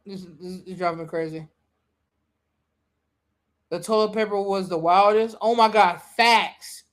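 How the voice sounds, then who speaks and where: Unhurried in her delivery, a live-stream podcast host chats casually using slang and profanity. She periodically ramps up into high, animated rants.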